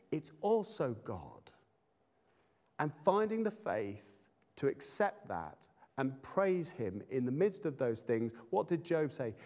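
A man delivering a sermon at an unhurried pace. He speaks reflectively and leans on repeated phrases to drive each point home. His voice sits at a middle pitch. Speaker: preacher.

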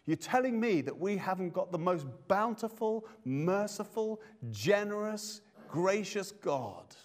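Slow, reflective male preacher. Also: high voice, big pitch swings. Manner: slow, reflective, repeats phrases for emphasis. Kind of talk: sermon.

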